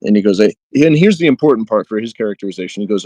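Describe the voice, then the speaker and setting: A man's voice: fairly low pitch, lively intonation, racing, mellow, no room sound, rough recording. A man co-hosting a podcast, chatting casually with many fillers and reading book passages aloud with light dramatic emphasis. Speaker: podcast co-host.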